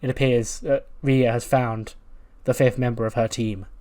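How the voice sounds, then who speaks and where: Guy narrating his wrestling sim run, chatty, mid pitch, keeps correcting himself. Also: steady tone, moderate pace, warm tone. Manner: chatty, laughs at own jokes, self-correcting. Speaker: game commentator.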